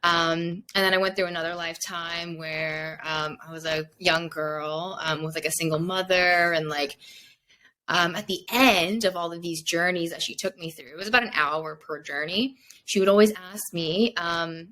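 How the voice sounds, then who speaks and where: A young woman speaks in a slightly low register, chatting loosely as a podcast guest. She retells her experience in animated bursts and leans on "like" constantly. Her delivery is casual storytelling, not scripted. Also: normal speed. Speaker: mindset coach, podcast guest.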